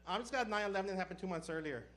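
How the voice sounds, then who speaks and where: Man, stand-up comedian, deadpan punchlines, rapid pace, high pitch. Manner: deadpan punchlines, brisk storytelling.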